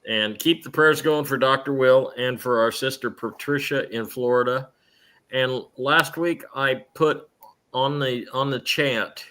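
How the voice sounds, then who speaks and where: A man's voice: medium pitch, sharp tone. A middle-aged man hosting a live stream show in rambling, chatty conversation, restarting his sentences often. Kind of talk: casual chat.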